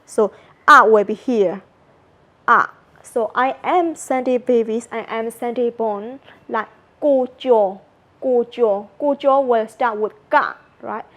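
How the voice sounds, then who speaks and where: A woman from Myanmar, a native Burmese speaker with a Burmese accent, giving an informal lecture with many "like" and "you know" fillers while slowly repeating sounds to demonstrate them. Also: a little high, fairly bright tone. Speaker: language presenter.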